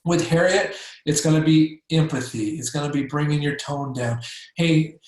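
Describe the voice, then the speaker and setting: Male workshop trainer, informal and animated, slightly high voice, very echoey room. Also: normal speed. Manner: acts out patient and doctor voices, many fillers and restarts.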